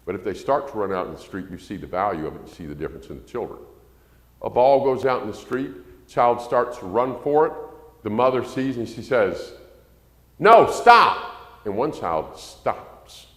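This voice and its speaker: A man preaching a sermon on parenting in a folksy way, acting out quoted parents in a shrill voice. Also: animated, normal speed. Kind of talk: sermon lesson to a congregation. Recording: echoey church hall.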